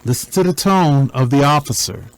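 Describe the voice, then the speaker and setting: A man commenting on a recording in a deliberate, preacher-like cadence, repeating points for emphasis. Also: medium pitch, expressive, slight background noise, low-quality recording.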